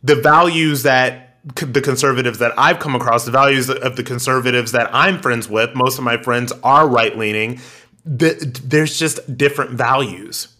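A man's voice: medium pitch, steady tone, normal speed, pushed and bright. A man hosting a podcast, commenting casually and animatedly, with fillers and restarts. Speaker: podcast host.

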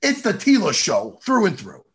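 Gravelly, animated man ranting. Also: high voice, normal speed. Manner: animated profane ranting, excitable. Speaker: podcast co-host. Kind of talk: casual chat.

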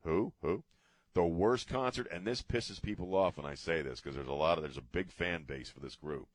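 On a casual talk radio show, a middle-aged male host rambles and cracks jokes off the cuff from his studio. His low voice moves at a normal speed, picked up by a studio mic with no room sound.

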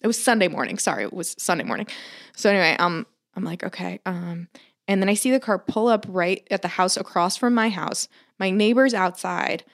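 Animated storytelling woman, swearing freely. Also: fairly low pitch, brisk, gravelly. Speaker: podcast co-host. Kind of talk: casual chat.

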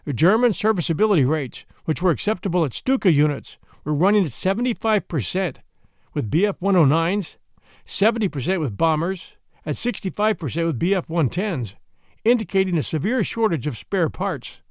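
A male history narrator with a high voice reads a script. He explains events and lists figures in a lively, swinging delivery. The recording is dry and close. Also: normal speed, no room sound. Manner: explanatory, reading out figures and dates. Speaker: history podcast host.

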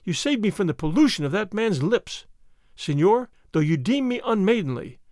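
A man voicing an earnest, grateful young noble lady in an audiobook reading, soft and breathy. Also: sits high, very animated, moderate pace, no echo, studio quality. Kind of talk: audiobook character voice.

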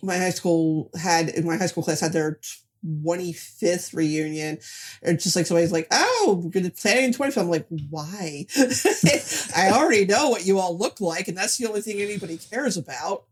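A woman's voice: fairly low pitch, normal speed. A woman in her forties co-hosting a podcast, chatting casually about a movie in a dry, wry way with lots of hesitations. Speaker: podcast co-host. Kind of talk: casual movie-review chat.

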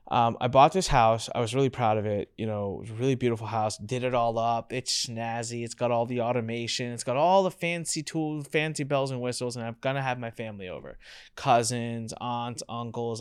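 A man hosting a podcast interview, chatting casually and telling stories with lively acted-out dialogue. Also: medium pitch, fairly quick, smooth. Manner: animated storyteller, acts out family dialogue. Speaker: podcast host.

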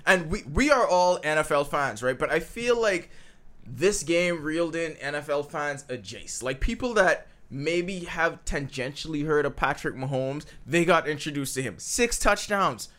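A man hosting casual sports talk, excitable and emphatic, often cutting in over others. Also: on the high side, normal speed.

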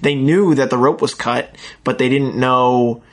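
A man's voice: medium pitch, measured pace. A man casually recapping a TV episode with a co-host, rambling and acting out the characters' lines. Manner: rambling retelling with acted quotes, many fillers. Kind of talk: casual chat.

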